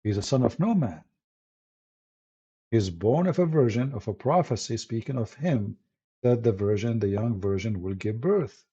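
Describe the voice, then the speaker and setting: A man with an Arabic accent holds forth on a live stream in an emphatic, combative monologue, often breaking off and restarting his phrases. His voice is gravelly and husky, with a dark, mellow tone. The stream audio sounds dull and lo-fi. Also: mid-range voice, lively intonation, moderate pace. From Middle East. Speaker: apologist hosting a live stream.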